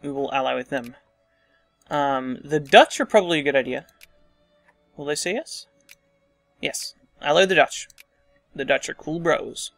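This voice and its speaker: Bright, gravelly man thinking aloud. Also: on the high side, normal speed, long pauses, no echo, soft background music. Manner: thinking aloud, muttering asides. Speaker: let's play host. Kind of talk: casual strategy game commentary.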